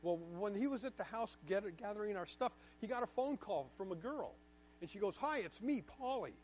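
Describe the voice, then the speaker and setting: A man's voice: sits high, animated, brisk, darkish tone, a little hiss or hum. A man giving a candid, emphatic lecture to a class, telling a personal story and repeating words for stress. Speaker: guest speaker to a class.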